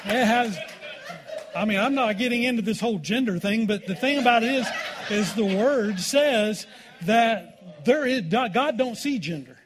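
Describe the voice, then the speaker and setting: A man's voice: sits high, expressive, a little slow. A man pastor preaching a sermon in a church, in a folksy, informal way and calling out for "amen" from the congregation.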